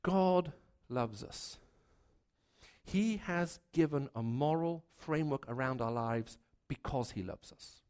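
A man with a higher-leaning voice preaches slowly and earnestly. He layers repeated phrases to build his argument and goes hushed for his stories.

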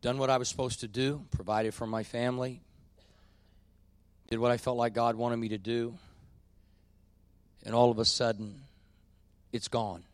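A middle-aged man preaching a sermon in a church, folksy and confessional, swinging between quiet admissions and loud emphatic points. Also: mid-range voice, little pitch movement, moderate pace, pauses often, no room sound. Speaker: pastor.

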